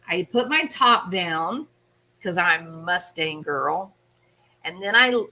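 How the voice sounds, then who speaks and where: A woman hosting a casual live stream, chatting with her viewers by name in an animated way and often laughing. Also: lowish voice. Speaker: host.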